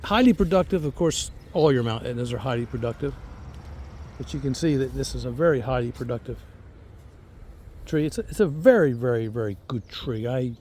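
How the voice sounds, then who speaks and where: A man's voice: medium pitch, lively intonation, fairly quick, a little mellow. A man hosting a casual garden vlog outdoors, talking in an enthusiastic, rambling way and repeating words as he goes. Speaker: fig grower and channel host.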